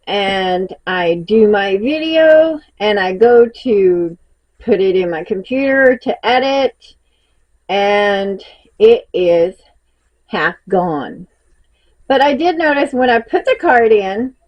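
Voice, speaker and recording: Woman, Southern US accent, slow unhurried talk, slightly high voice, a bit breathless, dull lo-fi sound. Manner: rambling, folksy, laughs often. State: a little out of breath. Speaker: crochet vlogger. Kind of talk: casual vlog chat.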